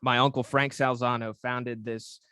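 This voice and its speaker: A man from Northern Virginia co-hosting a podcast, talking in a measured way with frequent restarts. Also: mid-range voice, little pitch movement, pushed and bright, smooth, dry recording, clean studio sound. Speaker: podcast co-host. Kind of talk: casual podcast chat.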